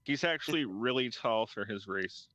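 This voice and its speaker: Wisecracking bright man on a lo-fi mic. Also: mid-range voice, lively intonation, moderate pace, dry recording. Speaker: player. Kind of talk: casual banter at a game table. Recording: dull lo-fi mic with faint hiss.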